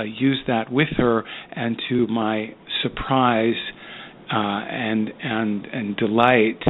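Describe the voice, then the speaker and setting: A man speaking slowly and reflectively as a psychiatrist guest, pausing often and using many fillers. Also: mid-range voice, slight background noise. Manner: slow, thoughtful, with many pauses and fillers. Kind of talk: reflective interview talk. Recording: phone-like narrow line.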